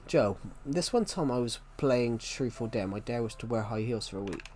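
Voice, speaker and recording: A young British man with a thick regional accent and heavy R sounds, talking loosely to his stream viewers. His pitch sits mid-range for a man. He wanders, restarts sentences and answers chat questions as they come in, with faint keyboard typing behind him. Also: normal speed, hardly any pauses, a little mellow, slight background noise. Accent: British regional, strong R sounds. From United Kingdom. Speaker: game streamer.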